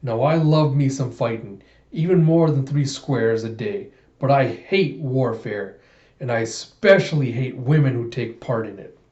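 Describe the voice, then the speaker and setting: A world-weary mercenary who talks in a plain, drawling way, read by a man in his own dark, mellow voice. The sound echoes in a room. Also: mid-range voice, unhurried, lo-fi sound, lightly acted. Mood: stern.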